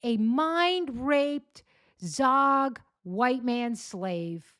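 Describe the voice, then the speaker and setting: A woman's voice: high voice, animated, very slow, a bit bright, no echo, clean studio sound. A woman hosting a commentary show, talking in a sarcastic, rambling, mocking way. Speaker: podcast host. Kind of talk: casual commentary.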